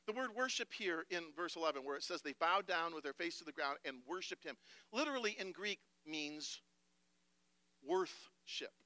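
High-voiced guy preaching, goes quiet then loud, very emphatic. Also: expressive, a little fast, dry recording. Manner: emphatic, swinging from hushed to loud. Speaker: pastor. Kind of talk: sermon.

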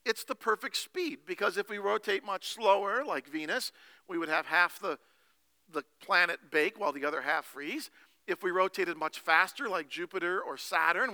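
A male pastor giving a sermon with animated storytelling and slow, emphatic phrases. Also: high-pitched, no room sound.

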